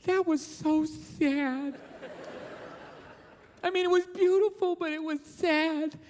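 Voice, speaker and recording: A man voicing his wife in a stand-up bit, soft and sentimental. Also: extremely high pitch, steady tone, slow pace, a little hiss or hum, pitched above the performer's own voice. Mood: tearful. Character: sweet, teary young wife.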